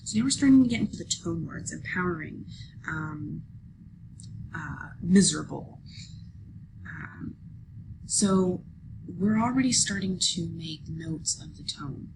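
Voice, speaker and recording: A woman teacher walking students through a lesson, patient and explanatory, checking in often with "okay?" and pausing on fillers. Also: on the low side, animated, gravelly, noisy background. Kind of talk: screen-recorded lesson walkthrough.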